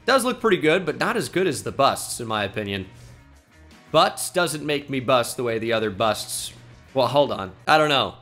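A man's voice: mid-range voice, sing-song, normal speed, a bit bright, faint music behind. A young man giving casual, profane, joking commentary while playing a video game. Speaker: gaming YouTuber.

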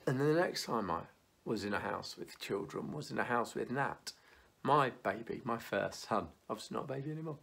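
A man in his thirties gives a youth sermon in a mid-pitched voice. He tells stories with energy and then drops to a quiet, earnest tone, often restarting his sentences. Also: fairly quick, gravelly, slightly rough. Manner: lively storytelling, dropping to quiet and earnest; stumbling restarts and fillers. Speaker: church youth leader.

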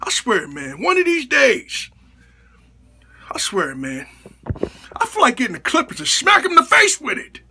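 High, bright, exasperated male ranter. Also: huge pitch swings, moderate pace, creaky, long pauses, breathy edge. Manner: profane, exasperated, bursts into shouts. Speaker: comedy vlogger. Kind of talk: comedic rant to camera.

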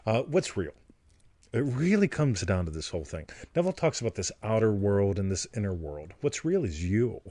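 Playful man with a lively voice. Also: lowish voice, moderate pace, no echo. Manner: playful, joking and crude, keeps asking "right?". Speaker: co-host and teacher. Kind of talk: casual teaching chat on a livestream.

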